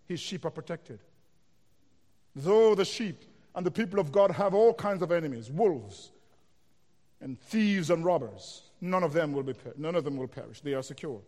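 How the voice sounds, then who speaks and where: A man with a high voice delivers an expository sermon, working through scripture line by line. He rises into emphatic, declarative stretches. His voice rings with the long reverb of a large hall. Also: animated, moderate pace, dark tone. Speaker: preacher.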